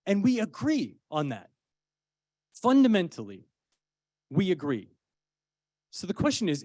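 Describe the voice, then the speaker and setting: A man's voice: fairly high pitch, darkish tone, no room sound, clean studio sound. A man, an actor and parent of a young child, giving an earnest, persuasive public speech with conversational personal stories. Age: adult parent of a young child. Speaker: actor speaking as a child-safety advocate.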